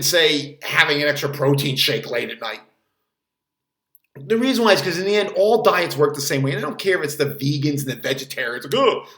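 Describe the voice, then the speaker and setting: A man who works as a fitness trainer, giving blunt, casual advice. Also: a little high. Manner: blunt, animated, acts out quotes in loud voices. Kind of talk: casual talking-head advice. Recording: echoey room.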